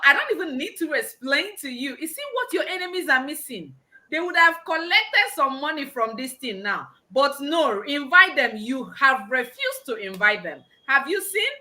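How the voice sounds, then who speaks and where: Bright-voiced, exuberant woman host. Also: sits high. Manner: exuberant, exclaiming, laughing often. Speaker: conference host. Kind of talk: energetic live event hosting.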